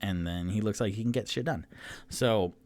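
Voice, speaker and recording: A man's voice: on the low side, normal speed, a little mellow. A man running a tabletop game on his own, narrating casually with many fillers. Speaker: game master and sole player.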